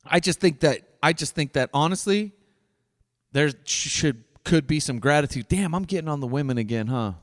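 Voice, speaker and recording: A man's voice: on the high side, normal speed. A middle-aged man hosting his own podcast, delivering a blunt, profane solo rant. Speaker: podcast host. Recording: dry voice with long reverb tail.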